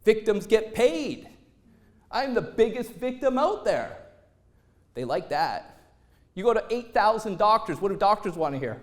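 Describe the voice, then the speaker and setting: A man with a fairly high voice speaks on stage as a motivational speaker. He tells a personal story with lively timing and slips into other voices for the lines he quotes. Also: moderate pace.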